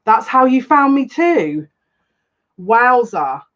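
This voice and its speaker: A woman's voice: fairly high pitch, big pitch swings, takes it slowly. A woman hosting a psychic tarot live stream, chatting casually and greeting viewers one by one. She sounds close to tears and talks in an effusive, gushing way. The recording is a little dull and lo-fi. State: on the verge of tears. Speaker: psychic tarot reader, channel host.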